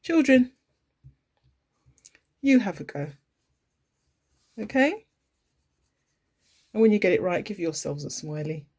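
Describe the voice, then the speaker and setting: A woman's voice: medium pitch, very animated, slow pace, long pauses, darkish tone. A woman teaching a phonics lesson to young children from home, in an exaggerated sing-song way, playfully pretending to make mistakes. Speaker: early years teacher.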